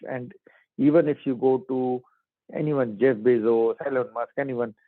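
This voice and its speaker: A man's voice: mid-range voice, fairly even intonation, normal speed, dry recording. Man teaching over a tinny line. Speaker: spiritual teacher. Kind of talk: spiritual talk. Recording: dry phone-like line.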